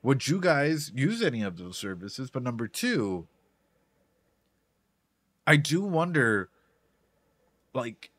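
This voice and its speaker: A man's voice: mid-range voice, sing-song, slow, long pauses, fairly bright tone, no echo. Casual rambling male streamer. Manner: rambling, repeats words, talks to chat. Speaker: streamer reacting to anime. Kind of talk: casual live-stream commentary.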